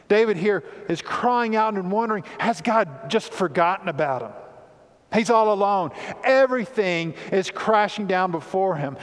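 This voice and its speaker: A male pastor preaching a sermon in a church, rising loud and high on the cries he reads out and dropping low to explain. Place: church sanctuary. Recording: long hall reverb.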